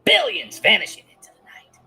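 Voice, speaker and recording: A man giving ominous documentary narration, slow and dramatic with half-whispered lines. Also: sharp tone, soft background music.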